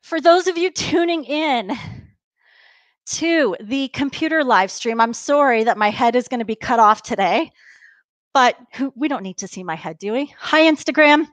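A woman's voice: high voice, lively intonation, normal speed, dry recording. A woman leading a live workout class, upbeat and encouraging, counting down reps and a bit out of breath from exercising along. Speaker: fitness instructor.

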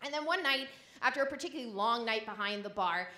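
A woman telling a frank, animated comic story on a live stage, often laughing through her lines. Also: on the high side, fast, roomy sound.

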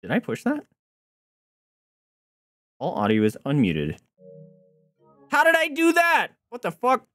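A high-voiced, excitable young man streaming a game, leaping all over his range as he whoops, swears and yells at the screen. He drawls between outbursts, with faint music playing underneath. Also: a little slow, pauses often, no room sound. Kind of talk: excited gameplay commentary.

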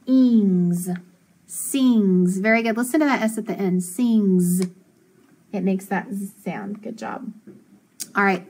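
A woman teacher walks children through a phonics lesson, breaking words into syllables and sounding each one out slowly and clearly. Her voice sits at a medium pitch, and she keeps a patient, encouraging tone. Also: poor audio.

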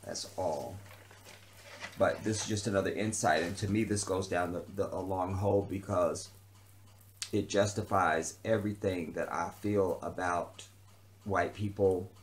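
A deep, steady voice carries this vlogger's improvised rant, which is heated and full of profanity, with phrases repeated for emphasis. He keeps a measured pace, and a little hiss or hum runs under the recording.

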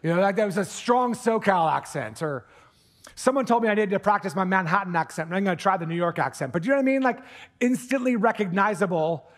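Animated, high-pitched male preacher. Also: fast. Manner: animated preaching, drops to hushed intensity for emphasis; jokey asides with put-on accents. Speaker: pastor. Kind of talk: sermon. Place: church sanctuary.

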